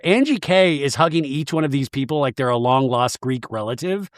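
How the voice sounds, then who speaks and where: A man hosting a podcast, recapping a reality show in a jokey, animated way and slipping into quick mock voices. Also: on the high side, no room sound, clean studio sound. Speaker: podcast host.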